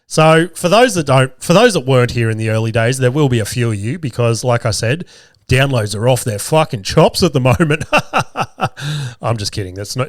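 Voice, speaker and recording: A man's voice: mid-range voice, no echo. Aussie bloke in his 30s rambling stories on his podcast, swears a lot, does little voices for people, dry sound. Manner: swears freely, acts out quoted lines in voices. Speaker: podcast host. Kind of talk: casual storytelling.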